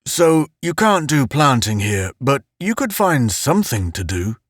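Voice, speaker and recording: A man's voice: mid-range voice, big pitch swings, a little slow, dry recording, studio quality, voice pushed up. A man reading an audiobook, voicing an earnest, insistent male visitor.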